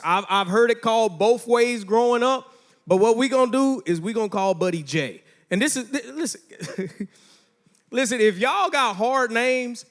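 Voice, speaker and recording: Youth pastor, young man, high voice, loose and joking, speaks right to the teens. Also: a bit bright. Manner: casual, playful, talks straight to teens. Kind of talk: youth sermon.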